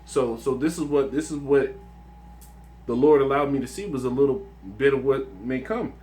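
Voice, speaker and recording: Man, mid-pitched, informal faith testimony, earnest and chatty, light hum behind. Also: moderate pace, darkish tone. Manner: earnest and conversational, with many restarts and "man". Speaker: religious video speaker. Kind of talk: informal religious testimony and scripture reading.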